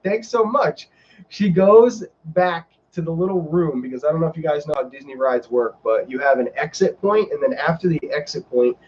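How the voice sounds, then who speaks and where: A male vlogger chatting on a live stream, telling his story with rambling, animated energy. His voice sits a touch high. The lo-fi stream audio sounds a bit dull. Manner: animated and rambling, with many fillers. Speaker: vlogger host.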